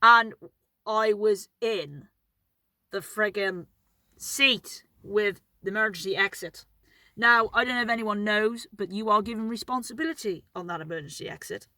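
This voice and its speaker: A woman's voice: medium pitch, normal speed, pushed and bright, no room sound. A woman, rambling and swearing freely while telling funny stories about flying, laughing at herself. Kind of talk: casual anecdotal storytelling.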